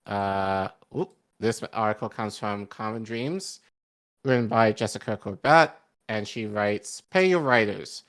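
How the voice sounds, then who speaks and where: A man co-hosting an online news show, reading an article aloud with comments, halting with ums and self-corrections, a hint of a Boston accent slipping in. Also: fairly low pitch, a bit bright, clear, resonant tone. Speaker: podcast co-host.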